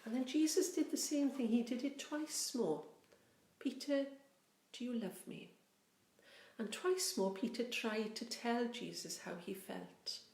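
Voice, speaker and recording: A woman rector telling a Bible story for children in a gentle, expressive, drawn-out way. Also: on the high side, creaky. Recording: roomy, faint background noise.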